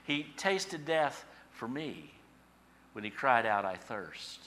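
A man preaching a sermon as pastor, swinging between hushed lines and emphatic, repeated phrases. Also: mid-range voice, animated, takes it slowly, slight background noise. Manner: repetitive, preacherly cadence.

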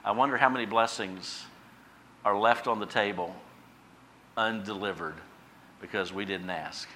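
A man preaching a sermon as pastor, swinging from quiet asides to loud emphatic bursts. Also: on the low side, a little slow, slight background noise.

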